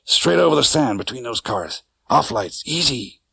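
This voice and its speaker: A man's voice: mid-range voice, lively intonation, moderate pace, vocal fry, sharp tone, breathy edge, dry recording, clean studio sound, pitched above the performer's own voice, full character voice. A man voicing a wounded cab driver who talks urgently through clenched teeth. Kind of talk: audiobook character voice.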